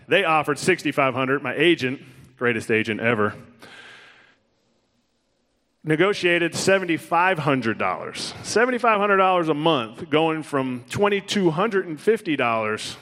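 A man in his thirties, a former ballplayer telling his career story to an audience, animated and self-mocking, acting out both sides of conversations. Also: fairly high pitch. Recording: long hall reverb.

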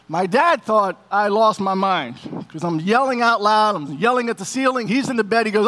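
A man's voice: high-pitched, expressive, a little fast, a bit bright. A middle-aged man, a pastor, preaching an emotional sermon and telling a personal story, calling his listeners family.

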